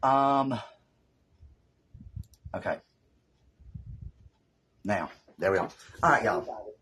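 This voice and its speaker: A woman's voice: rumbling low, lively intonation, drawn-out words, a bit bright, slight background noise, low-quality recording. A woman with a Southern US accent, hosting a casual craft live stream and chatting in a rambling way with her viewers from her home craft room.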